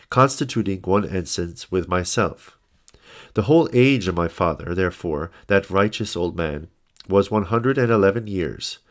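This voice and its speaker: A man narrating an old religious text in a solemn, measured reading style. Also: lowish voice. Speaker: audiobook narrator. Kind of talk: scripted scripture-style narration.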